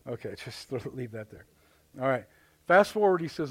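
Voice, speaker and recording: With a breathy edge, the pastor speaks at a moderate pace in an expressive, medium-pitched voice. He's preaching live in a church sanctuary, Midwestern accent and all, spinning folksy stories and acting out voices and exclamations.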